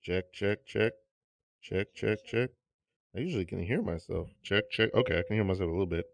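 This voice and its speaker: A man's voice: sits low, fairly quick, creaky, no room sound. A man hosting a podcast in a radio studio, chatting casually and joking on a studio mic. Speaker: podcast host. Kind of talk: casual chat.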